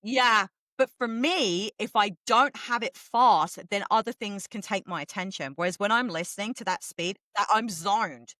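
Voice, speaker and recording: A middle-aged woman from England, co-hosting a podcast in casual chat, talking fast and swearing freely. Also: mid-range voice, pushed and bright, no room sound. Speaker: podcast co-host.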